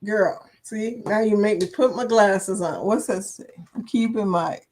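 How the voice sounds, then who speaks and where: A woman's voice: medium pitch, measured pace, darkish tone. An older woman hosting a casual live-stream chat, chatty and laughing often as she reads viewers' comments aloud, with a slight cough and a dry throat.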